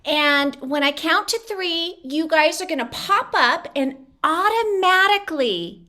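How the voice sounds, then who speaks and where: A woman with a high voice talks slowly and playfully over a video call, leading an online improv game. She is bubbly and laughs easily, drawing words out for emphasis. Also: animated, sharp tone.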